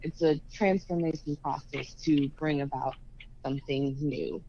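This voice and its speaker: A woman guest explains ideas on a talk show at an easy pace, laughing often. Her voice is low and mellow, and the recording sounds somewhat dull and muffled. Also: fairly even intonation, a little slow, gravelly, slight background noise. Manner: laughs easily, explains thoughtfully. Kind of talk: casual conversation.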